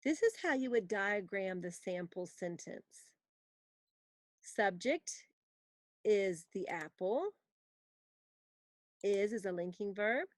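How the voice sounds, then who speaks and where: A woman teaching a grammar lesson in a patient, explaining way, her voice sitting at a middle pitch. She reads example sentences slowly so students can copy them. The sound is close and dry, with no room around it. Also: expressive, no echo.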